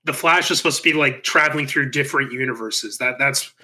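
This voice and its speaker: A man's voice: mid-range voice, brisk, pushed and bright. A man co-hosting a podcast, chatty in casual talk and laughing easily. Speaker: podcast co-host. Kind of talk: casual chat.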